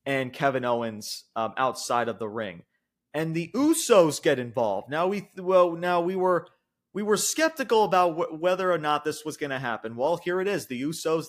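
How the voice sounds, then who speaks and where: A man with a slightly higher-than-average voice talks through a wrestling recap in loose, excitable commentary. He swears freely and often stumbles and restarts mid-sentence. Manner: excitable, profane, trips over words. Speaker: wrestling show reviewer.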